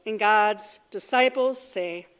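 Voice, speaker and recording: A woman giving a sermon, telling stories in a measured, earnest way before leading a prayer. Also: mid-range voice, clear, resonant tone. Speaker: preacher. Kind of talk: sermon with storytelling.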